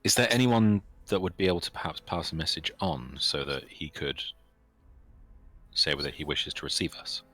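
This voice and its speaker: Give me a man with a very deep, bright voice, formal and hesitant, soft music behind. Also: expressive, moderate pace. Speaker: player. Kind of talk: in-character roleplay.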